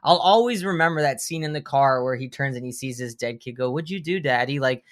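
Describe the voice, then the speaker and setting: A man in his thirties, a horror filmmaker and guest on a casual podcast, telling animated anecdotes with frequent restarts and stammers. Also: mid-range voice, fairly quick. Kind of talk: casual podcast conversation, storytelling.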